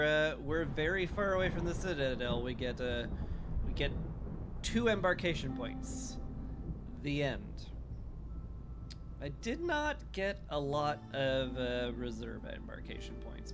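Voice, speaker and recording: A man streaming a strategy game live, talking through his choices in a relaxed, dryly joking way with frequent "uh" fillers. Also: on the high side. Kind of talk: casual live game commentary.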